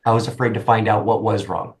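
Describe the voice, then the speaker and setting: A middle-aged man, a guest in an interview, speaking earnestly with halting restarts. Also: lowish voice, fairly even intonation. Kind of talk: conversational interview.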